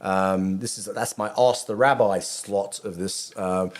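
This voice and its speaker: A man's voice: low voice, fairly even intonation, unhurried. A middle-aged man, a rabbi hosting his own channel, talking casually and rambling with many restarts and asides. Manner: rambling, self-interrupting, chatty asides. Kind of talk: casual video commentary.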